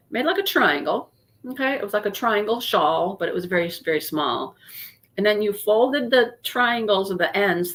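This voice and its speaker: A woman chatting casually to viewers on a live stream, rambling and greeting people by name, while congested from a sinus infection. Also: medium pitch. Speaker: YouTube livestream host.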